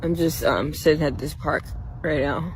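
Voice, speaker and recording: A woman rambling in a personal vlog outdoors in a park, soft-spoken and halting, repeating her words. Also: sits low, slight background noise, low-quality recording.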